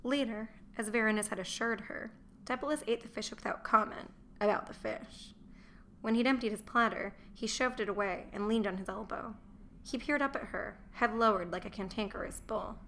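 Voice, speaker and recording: A woman reads a historical novel aloud in a steady, measured way. Her voice sits mid-range, and a faint hiss of background noise runs under it. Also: medium pitch. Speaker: audiobook narrator. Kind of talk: scripted narration.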